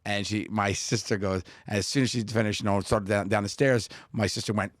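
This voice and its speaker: A man's voice: lowish voice, fairly even intonation, fairly quick, dry recording, clean studio sound. A man, co-hosting a podcast and telling family stories, laughing often and acting out the people he quotes. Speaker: podcast co-host. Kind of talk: casual chat, storytelling.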